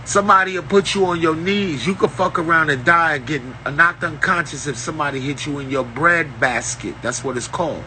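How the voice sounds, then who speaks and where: A man's voice: fairly high pitch, fairly quick, hardly any pauses, bright, forceful tone, slight background noise, rough recording. A man giving an unscripted spiritual rant, lecturing in street slang with a profane, preachy manner. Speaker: self-styled spiritual teacher.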